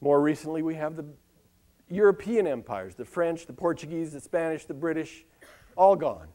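Older male monologist, slightly high voice, dry ironic newscaster delivery, live stage. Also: expressive, mellow. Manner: wry, ironic, with dramatic pauses and lists. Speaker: monologist performing for a live audience. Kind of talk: comic spoken-word monologue with news-style delivery.

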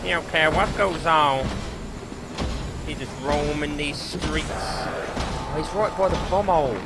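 A gaming YouTuber with a fairly high voice commentates a horror game let's play at a slow pace, with heavy background noise. He's panicky and excitable, swearing and joking as he plays.

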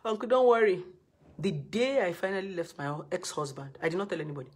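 A woman's voice: lowish voice, expressive, fast talker, husky. A woman with a Nigerian accent giving blunt, scolding relationship advice in a live video session.

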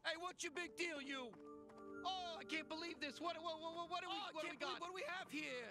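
A foul-mouthed hot-headed construction worker. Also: male voice, extremely high pitch, quick pace, music in the background. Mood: belligerent. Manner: aggressive, swearing, repetitive.

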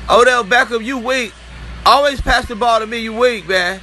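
A man's voice: very high voice, moderate pace, sharp tone, slight background noise. A man doing brash, trash-talking comedy voice-overs. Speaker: comedy voice-over artist. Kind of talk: comic voice-over dubbing.

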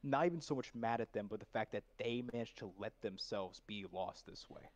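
Thoughtful low-voiced man in coaching. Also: fairly quick. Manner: thoughtful, explaining his process at length. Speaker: voice actor being coached. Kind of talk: reflective conversation.

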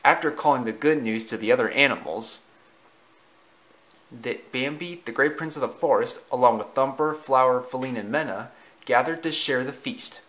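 A man narrating a storybook slowly and deliberately, with small slips in the reading. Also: mid-range voice, a bit bright, rough recording.

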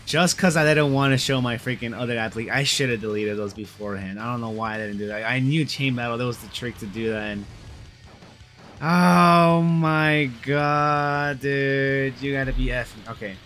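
A man's voice: mid-range voice, fairly even intonation, fast, hardly any pauses, fairly bright tone, soft background music. A young man giving casual, slangy commentary on a mobile game, frustrated and peppering his talk with bro and dude.

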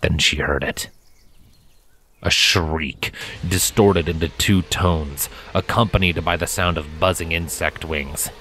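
A man reading a fan fiction story aloud as narrator, steady and dramatic. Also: rumbling low, takes it slowly, a little hiss or hum. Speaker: fanfiction reader. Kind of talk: audiobook narration. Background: background music.

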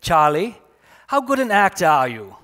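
A man reading aloud, speaking the clipped, deadpan lines of a reserved German woman at a live reading. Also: high voice, moderate pace, full character voice. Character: tall reserved German woman, dry and terse.

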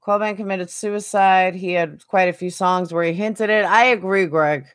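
A woman's voice: mid-range voice, fairly even intonation, moderate pace. A woman streaming a game, chatting casually and answering viewers by name. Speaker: game streamer reading chat. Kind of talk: casual chat while gaming.

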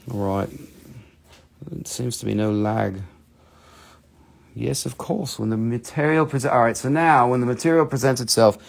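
Hosting a live crystal-sales stream online, a Southern man from North Carolina keeps up jokey, meandering sales patter. His voice is mid-range, gravelly and darkish in tone.

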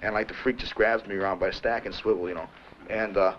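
A man's voice: lowish voice, fairly even intonation, fast, a little hiss or hum. A young war veteran telling his story in a wry, matter-of-fact way at a panel. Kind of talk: testimony at a panel. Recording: dull old archive recording with crowd.

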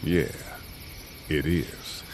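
An actor playing a guarded grown man in a video game, talking in a low-key, careful way. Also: very slow, a little mellow. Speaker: stranger with an injured leg. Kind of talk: game voice acting. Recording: game audio with cricket noise. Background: crickets.

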